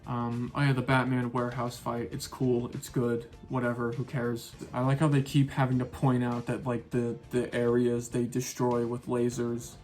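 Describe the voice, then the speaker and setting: A man's voice: mid-range voice, monotone, normal speed, hardly any pauses, darkish tone, faint music behind. A man reviewing a film in a casual rant, sarcastic, exasperated and full of profanity. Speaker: movie reviewer.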